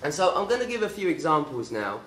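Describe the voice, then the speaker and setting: A man giving an informal, animated talk full of anecdotes and fillers, in a university lecture room. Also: a little high, fast, a little hiss or hum. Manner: animated, acts out voices in the stories, many fillers. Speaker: guest speaker at a campus talk. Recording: very echoey room, distant mic.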